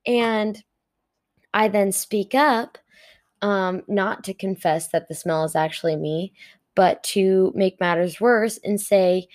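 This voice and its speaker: A woman's voice: lowish voice, fairly even intonation, unhurried, a little mellow. Chatty young woman telling a story. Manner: chatty, giggly, full of "like" fillers. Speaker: retail worker telling a story. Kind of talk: casual storytime monologue.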